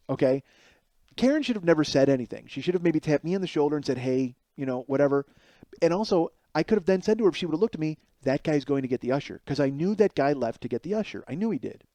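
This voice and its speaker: A man in his forties tells a comic story alone on his podcast, animated and cheerfully profane, often laughing at himself. His voice sits a little high but has a mellow, relaxed tone. The sound is close and dry. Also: quick pace, no echo. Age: 40s. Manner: animated, profane, self-mocking. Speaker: podcast host. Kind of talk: solo comedic storytelling.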